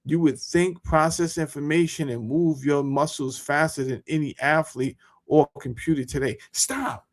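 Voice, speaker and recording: A man talking casually to his viewers as a YouTuber, animated and full of rhetorical questions and slang. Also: on the high side, moderate pace, hardly any pauses. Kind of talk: casual monologue to camera.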